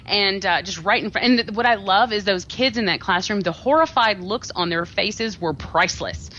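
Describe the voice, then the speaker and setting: A woman's voice: medium pitch, normal speed, a bit bright, muffled recording, slight background noise. A woman co-hosting a casual film review podcast, bantering and laughing easily. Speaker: podcast co-host.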